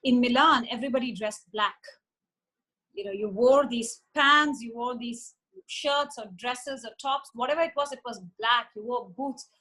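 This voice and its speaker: A woman tells a long story in a chatty, animated way, slipping into other people's voices. Her voice sits a little high. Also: normal speed, low-quality recording. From India. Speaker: interview guest, former model. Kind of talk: casual storytelling.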